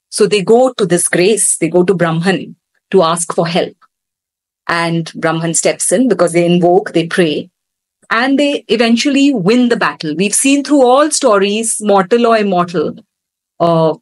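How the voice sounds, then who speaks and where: Woman teacher retelling a scripture story, animated. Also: mid-range voice, no room sound, low-quality recording. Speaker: instructor. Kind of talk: storytelling lesson.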